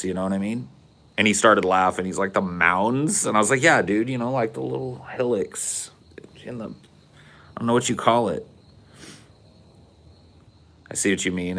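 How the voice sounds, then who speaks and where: Male podcast host, mid-pitched, loose and profane, rambling anecdotal delivery. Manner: rambling, profane, animated storyteller. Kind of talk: casual storytelling chat.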